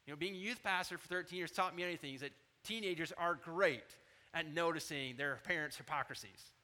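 A man in his thirties preaching a sermon as pastor, animated, rising loud on scripture quotes and dropping low to confide. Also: fairly quick.

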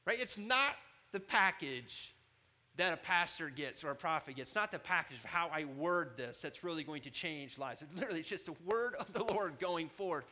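Fiery, high-pitched preaching man. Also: animated, fast talker, few pauses. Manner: dramatic, shifts between low asides and shouted emphasis. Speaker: pastor. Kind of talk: sermon.

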